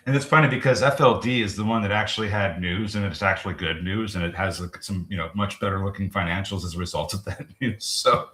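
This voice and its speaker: Low-voiced man talking charts in a roomy echo. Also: sharp tone. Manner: chatty, halting, restarts with fillers, quick laughs. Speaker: trading show co-host. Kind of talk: live market commentary.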